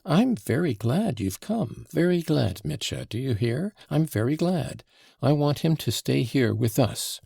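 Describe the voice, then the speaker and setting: A man's voice: medium pitch, sing-song, creaky, darkish tone, breathy edge, no echo, studio quality, heavily acted. A man reading an audiobook, voicing a teasing, imperious young woman who scolds insistently. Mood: coaxing. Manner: insistent, reproachful, quick to scold.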